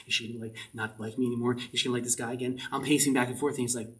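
A man's voice: mid-range voice, flat delivery, racing, hardly any pauses, fairly bright tone. A man preaching a sermon as pastor, earnest and driving his point home with short repeated commands. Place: church service. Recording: voice a bit distant from the mic.

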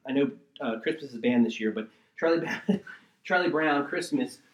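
A man preaching a sermon and teaching from the Bible, swinging between loud emphatic bursts and quiet asides and often checking in with his listeners. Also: medium pitch, animated, normal speed, highs cut off. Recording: roomy echo.

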